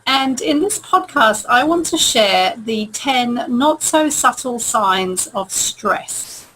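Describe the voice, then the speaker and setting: A middle-aged woman with a New Zealand accent, hosting a podcast and teaching in a calm, measured way, often repeating words for emphasis. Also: on the high side, slight background noise, poor audio. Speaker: stress coach and podcast host.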